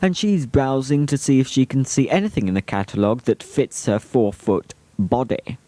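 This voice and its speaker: A man's voice: mid-range voice, moderate pace, warm tone, dry recording. A man giving a cheeky, teasing humorous voice-over on old home videos. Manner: cheeky, teasing, chuckling asides.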